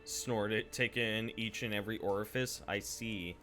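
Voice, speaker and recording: A man's voice: fairly low pitch, fairly even intonation, moderate pace, pushed and bright, soft background music. A young man giving rambling, casual live gameplay commentary, swearing freely and chatting with viewers. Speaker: Twitch streamer.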